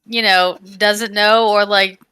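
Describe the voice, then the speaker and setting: Woman cohost, bright voice, giggly and teasing. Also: mid-range voice, steady tone, slow pace, smooth, no room sound. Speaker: podcast co-host. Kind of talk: casual chat.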